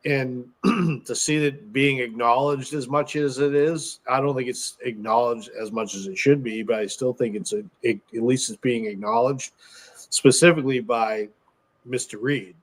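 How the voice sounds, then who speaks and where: A man's voice: mid-range voice, normal speed. Affirming man co-hosting a podcast. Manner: affirming, chatty with many fillers. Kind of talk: casual podcast chat.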